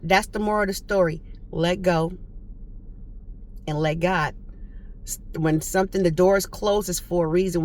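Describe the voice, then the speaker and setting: A young woman tells a story in a casual vlog monologue. She talks in a chatty, conversational way, leaning into preachy, faith-filled reflections, with her voice sitting at an ordinary middle pitch. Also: fairly bright tone. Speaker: vlogger.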